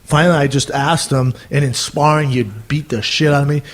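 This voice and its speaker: A man, a former fighter, telling stories in casual, animated conversation, often tacking on "man" and swearing freely. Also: fairly high pitch, a little fast. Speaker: podcast guest, former fighter.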